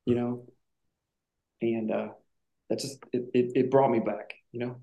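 A man's voice: medium pitch, flat delivery, measured pace, vocal fry, narrow, tinny audio. A man telling a personal story in casual chat, reflective and emotional at times. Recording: echoey room.

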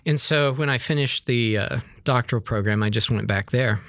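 A man in his fifties from Arizona, co-hosting a podcast with measured, thoughtful talk. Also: medium pitch, a bit bright, dry recording, studio quality. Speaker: podcast co-host and professor. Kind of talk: casual chat.

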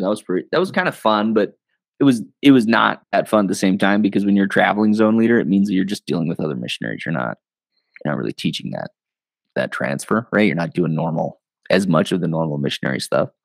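A man, a podcast guest, telling stories in a loose, animated way, full of fillers and quick laughs. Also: fairly low pitch, vocal fry, no echo. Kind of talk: casual storytelling.

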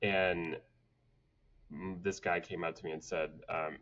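A man's voice: low-pitched, level tone, unhurried, a bit bright. A middle-aged man from Atlanta, a podcast guest telling candid stories with many fillers and restarts. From Atlanta, southern United States. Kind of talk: candid conversational storytelling. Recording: dull lo-fi audio.

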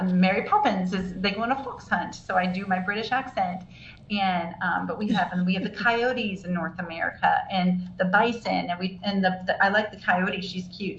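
A woman's voice: on the low side, fairly bright tone. An older woman, a children's book author, chatting as a guest in an enthusiastic, rambling way with many restarts. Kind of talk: casual interview chat. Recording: echoey, dull, faint noise.

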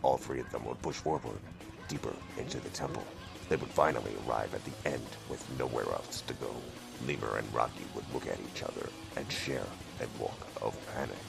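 A man narrating a comedy audio drama in a deadpan, steady manner. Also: very deep voice, brisk, gravelly, over music.

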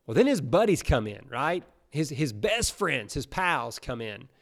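In an unhurried, creaky voice of ordinary middle pitch, a male pastor delivers a sermon. His style is easygoing and animated storytelling, speaking plainly as though chatting with the congregation.

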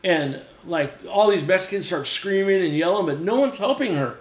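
A man's voice: high voice, normal speed. A middle-aged man spins a rowdy story as a podcast guest, his voice sitting a touch above the usual male range. He swears casually and keeps slipping into the voices of the people he describes. The sound rings with a noticeable room echo. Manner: profane, animated, acts out quoted voices. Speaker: podcast guest, former mechanic. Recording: roomy echo.

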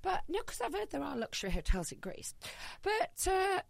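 A woman's voice: very high voice, wildly swooping pitch, normal speed, gravelly, no room sound. A woman from Britain, a podcast guest and business founder, chatting casually, laughing often and acting out dialogue.

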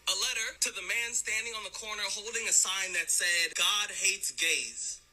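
A man speaking in a measured, reflective spoken-word clip that is played back. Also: sits high, pushed and bright, poor audio.

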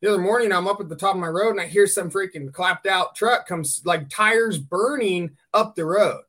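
A man hosting a podcast, telling a blunt, lively story in casual chat and swearing freely. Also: high-pitched, normal speed. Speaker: podcast host.

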